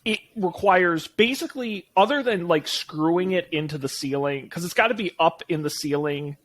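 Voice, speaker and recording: A man's voice: on the high side, moderate pace, a bit bright. A man co-hosting a tech podcast, chatting casually and confidently recommending gadgets. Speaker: podcast co-host.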